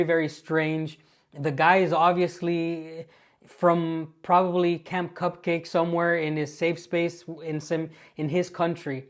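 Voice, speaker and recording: Low-voiced American woman vlogger. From United States. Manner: amused, mocking, talks straight to viewers. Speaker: channel host. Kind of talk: casual commentary on clips.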